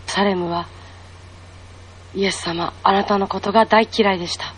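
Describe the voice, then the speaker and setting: A woman playing a grieving young unmarried woman in a devotional monologue, speaking in a hushed, tearful, questioning way. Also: medium pitch, fairly even intonation, fast talker, a little hiss or hum, lightly acted, poor audio. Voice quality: breathy, often whispered.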